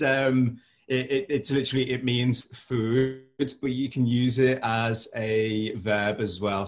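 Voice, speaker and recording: A man with a Scouse accent, chatting casually as a podcast host, laughing often and swearing freely. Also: mid-range voice. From Liverpool. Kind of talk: casual chat.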